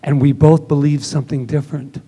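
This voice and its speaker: A man's voice: on the high side, flat delivery, fairly quick, dark tone, husky. A man giving a casual, conversational sermon at a church service, telling stories and acting out the dialogue. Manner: casual and chatty, acts out quoted dialogue. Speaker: minister.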